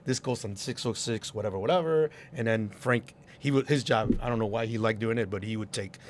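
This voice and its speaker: A man's voice: lowish voice, brisk, noisy background. A man, a club promoter and DJ, telling stories in a casual interview and acting out quoted voices. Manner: animated, acts out quoted voices.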